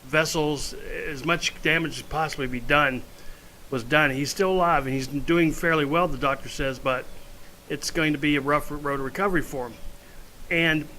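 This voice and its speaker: Guy ranting at home, bright pushy voice, kinda high, rambles and goes off on tangents. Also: fairly even intonation, normal speed, slight background noise, low-quality recording. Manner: blunt, opinionated, rambling asides. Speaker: vlogger. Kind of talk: casual opinion monologue.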